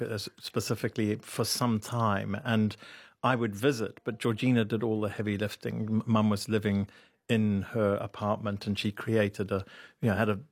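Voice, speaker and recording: A man's voice: lowish voice, dry recording. A man guest on an interview show, telling a family story with many restarts and stumbles. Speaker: author guest.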